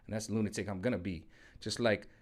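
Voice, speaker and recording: A man's voice: on the low side, fairly even intonation, quick pace. A man venting in a casual, rambling monologue full of slang and repeated catchphrases, recorded at home on a hot day. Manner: rambling, slangy, repeats "you know what I'm saying". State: sweating in the heat. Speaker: vlogger. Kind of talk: casual political rant.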